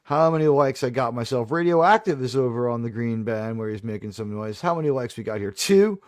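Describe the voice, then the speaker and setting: A man's voice: medium pitch, expressive, brisk, no echo, studio quality. A middle-aged man with a New York accent, chatting casually with viewers as a live stream host, rambling and restarting his sentences. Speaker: livestream host.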